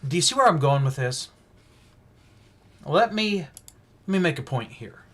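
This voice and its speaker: Man, fairly high voice, casual livestream bible teaching, rambling, restarts often. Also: animated, a little slow. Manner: rambling, thinking aloud, frequent restarts and fillers. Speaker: preacher hosting a livestream Bible study.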